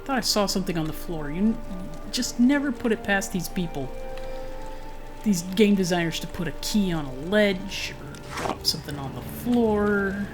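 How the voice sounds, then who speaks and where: With game music in the background, a woman does casual let's-play commentary as a gaming streamer, chatting with viewers and herself and letting out jumpy shrieks at enemies. Her voice is medium in pitch, animated, and moderately paced.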